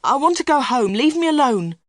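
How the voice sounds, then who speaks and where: A woman's voice: high voice, very animated, a little fast, no room sound, clean studio sound, voice pushed up. A woman reading aloud, voicing a frightened young man who pleads to be left alone. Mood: pleading. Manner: pleading, tense.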